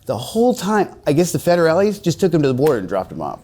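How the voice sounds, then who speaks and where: A man's voice: on the high side, wildly swooping pitch, fast, hardly any pauses, dark tone. A man in his forties, interviewed on the street, telling a rambling, profane story and acting out the other people's voices. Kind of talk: casual storytelling.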